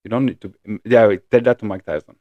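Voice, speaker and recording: A man co-hosting a podcast in casual chat, prodding his partner with short, halting questions. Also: lowish voice, no echo, lo-fi sound. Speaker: podcast co-host.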